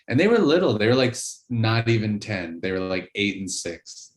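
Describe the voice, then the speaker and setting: A man's voice: lowish voice, very animated, moderate pace. A man co-hosting a casual podcast, telling a rambling story with lots of fillers and laughter. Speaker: podcast co-host. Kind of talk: casual chat.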